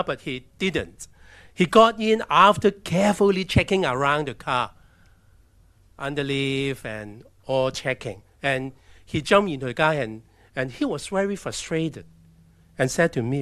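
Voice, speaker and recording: A man from China, telling his personal story as a missionary in a halting way, often restarting his sentences. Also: a little high, expressive, pushed and bright, no room sound. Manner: halting, with restarts and acted-out quotes. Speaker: missionary speaker. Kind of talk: personal testimony talk with slides.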